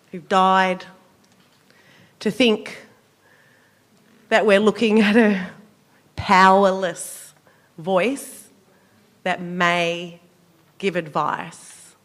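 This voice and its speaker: An Australian woman, a senator, giving an impassioned political speech at a forum, measured and emphatic with a cutting, sarcastic edge. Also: medium pitch. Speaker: senator speaking at a public forum.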